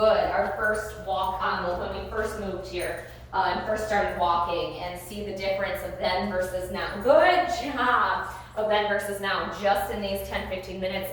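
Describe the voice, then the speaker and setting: A woman's voice: mid-range voice, fairly bright tone. A woman training her dog on a leash, who mixes short praise like "good boy" with explanations to viewers. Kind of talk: live dog-training commentary. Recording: very echoey with faint noise.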